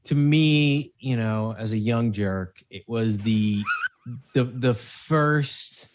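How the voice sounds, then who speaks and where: A man's voice: medium pitch, background noise. Man rambling in film podcast chat. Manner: rambling, halting restarts. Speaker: podcast co-host.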